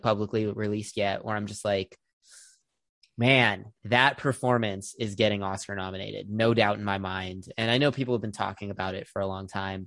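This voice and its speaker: A man's voice: fairly low pitch, fairly bright tone, no room sound, studio quality. A man hosting a film podcast, chatting casually with plenty of fillers. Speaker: podcast host. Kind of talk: casual film review chat.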